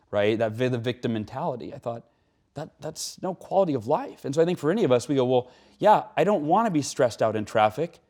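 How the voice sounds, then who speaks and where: A middle-aged man, a keynote speaker, talking in an interview in an animated, emphatic way. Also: medium pitch. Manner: animated, emphatic, frequent "right?". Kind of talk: conversational interview talk.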